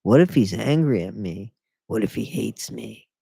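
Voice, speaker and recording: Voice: medium pitch, animated, moderate pace, gravelly, dark tone, breathy edge, no room sound, studio quality. A host reading a memoir aloud, breaking in with mocking, sarcastic comments and frequent laughter.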